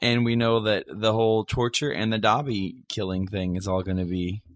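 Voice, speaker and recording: A man co-hosting a casual fan podcast, excitable and quick to mimic silly voices. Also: on the low side, no echo. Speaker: podcast co-host. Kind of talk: casual chat.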